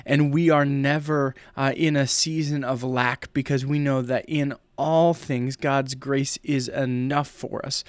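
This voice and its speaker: A man's voice: mid-range voice, smooth, no echo. A man, a student pastor, giving a podcast devotional in an earnest way with frequent restarts.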